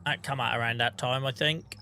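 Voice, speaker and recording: A man's voice: medium pitch, fairly even intonation, a little fast, pushed and bright, a little hiss or hum. A man streaming a farming game, chatting casually in a rambling, self-deprecating way with the odd swear. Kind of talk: casual gaming stream chat.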